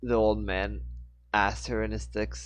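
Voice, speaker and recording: A man's voice: fairly low pitch, flat delivery, measured pace. Man casually reading a book aloud. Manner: informal, stumbles and self-corrects. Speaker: audiobook reader.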